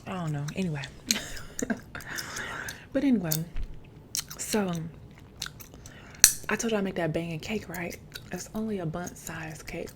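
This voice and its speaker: Gum-chewing woman in soft late-night chat. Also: lowish voice, unhurried, long pauses, very noisy. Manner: chatty, rambling, chewing gum while talking; drifts into whispers at times. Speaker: ASMR creator. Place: home setup, camera placed far away.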